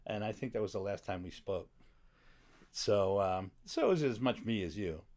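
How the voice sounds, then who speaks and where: Brief: male guest, low gravelly voice, lively pitch, wry and reflective, in a studio back room. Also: moderate pace. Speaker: podcast guest. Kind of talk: casual conversation.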